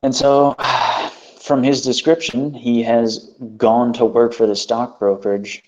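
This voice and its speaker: A man's voice: medium pitch, little pitch movement, takes it slowly, darkish tone. A man hosting a casual chat, telling an exasperated, profane story. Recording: dull lo-fi recording.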